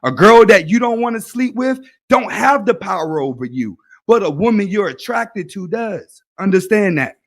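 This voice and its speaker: A man's voice: high-pitched, expressive, moderate pace, few pauses. A young man in a casual, preachy monologue, giving advice and repeating his points. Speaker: YouTube commentator.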